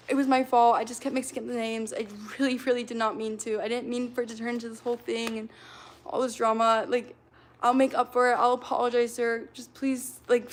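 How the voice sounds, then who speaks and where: A woman's voice: on the high side, a little hiss or hum, natural voice. A woman acting out a flustered young woman begging forgiveness. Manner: stammering, pleading, repeats apologies. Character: young woman pleading apology to angry friend. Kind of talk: improvised acting game on livestream.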